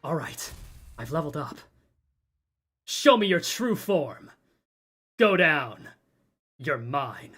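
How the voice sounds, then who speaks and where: A man streamer doing an impression of a confident young male game hero and delivering slow, dramatic battle lines. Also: on the high side, sing-song, sharp tone, husky, faint music behind, voice pushed down, exaggerated voice.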